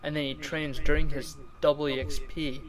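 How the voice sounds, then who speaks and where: A young man co-hosting a casual gaming podcast, relaxed, rambling and jokey. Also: on the high side, normal speed, a crowd in the background, poor audio. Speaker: podcast co-host.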